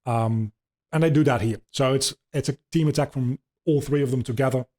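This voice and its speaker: Rambling, swearing man explaining game lore casually, mellow and mid-pitched. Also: fairly quick. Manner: rambling, swearing, many ums. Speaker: podcast host.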